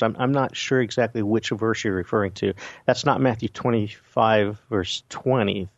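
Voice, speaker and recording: A man's voice: on the low side, no echo, dull audio. A man as guest expert on a radio call-in show, answering carefully and hesitantly with frequent restarts. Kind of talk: explanatory chat on a call-in show.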